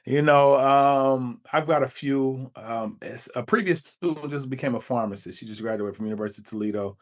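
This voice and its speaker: A man, a teacher co-hosting a podcast, reflecting in casual chat over a video call and acting out quotes with a higher voice. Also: fairly quick. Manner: reflective, acts out quotes with a jump in pitch.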